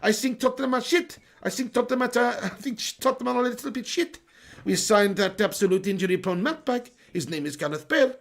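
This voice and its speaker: Smug middle-aged football boss, gravelly Portuguese accent, sore throat, a man doing the impression. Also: extremely high pitch, fairly quick. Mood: mocking. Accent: put-on Portuguese. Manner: smug and mock-formal.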